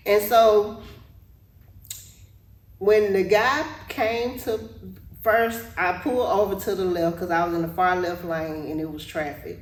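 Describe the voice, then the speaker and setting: A woman podcast co-host telling a story in casual chat, animated and laughing often. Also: medium pitch, a little slow, pauses often, distant mic. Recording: echoey room, off-mic, faint noise.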